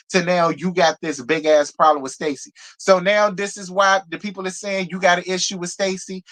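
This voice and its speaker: Animated, gossipy man with a raised voice. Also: high-pitched. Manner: animated, profane, gossipy, laughs often. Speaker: reality TV recap host. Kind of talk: casual live review commentary.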